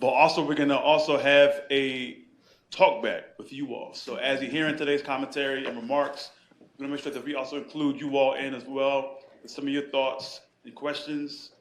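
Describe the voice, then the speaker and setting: A man's voice: medium pitch, steady tone, moderate pace, slight background noise. Man moderating a live bookstore event. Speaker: panel moderator. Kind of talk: event moderation with call-and-response. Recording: echoey room.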